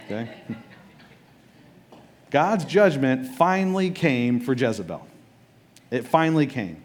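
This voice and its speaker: A man's voice: medium pitch, expressive, normal speed, darkish tone. Casual, joking male pastor preaching. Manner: casual storytelling with jokes and acted-out quotes. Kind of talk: sermon.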